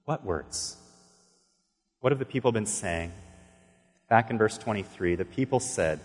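Pastor preaching in a reverberant hall. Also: male voice, lowish voice, expressive, unhurried, pauses often, slightly rough, faint music behind. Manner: earnest storytelling, acting out dialogue with sudden bursts. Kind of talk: sermon. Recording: long reverb of a large hall.

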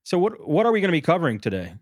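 A man's voice: fairly high pitch, wildly swooping pitch, rapid-fire, slightly rough, no echo, studio quality. A man hosting a casual podcast, upbeat and jokey, who laughs easily while he introduces his co-host.

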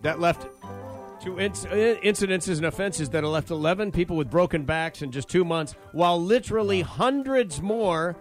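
A man's voice: high-pitched, moderate pace, faint music behind. A man hosting a morning radio show, reading odd news items and riffing on them with wry jokes. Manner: jokey, reads news items with wry asides.

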